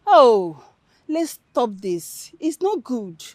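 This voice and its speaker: A woman's voice: high voice, very slow, dry recording, heavily acted. An actress playing an upright young village woman who reproaches her scheming friends. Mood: pleading. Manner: reproachful, steady, pleading.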